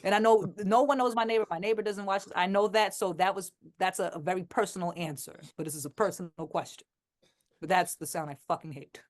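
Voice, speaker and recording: A woman's voice: mid-range voice, fast. A woman rapper from Queens with a New York accent, talking bluntly and with plenty of swearing as an interview guest. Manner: blunt, profane, animated. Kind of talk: casual interview chat.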